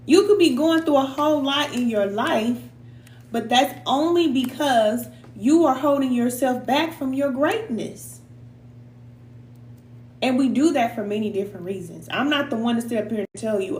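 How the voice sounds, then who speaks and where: In an echoey room with a little hiss or hum, a high-pitched woman with a darkish tone speaks at a moderate pace. She's a middle-aged spiritual coach doing a live tarot reading and motivational talk, heartfelt and preacher-like, occasionally emotional and sighing, and fond of casual slang.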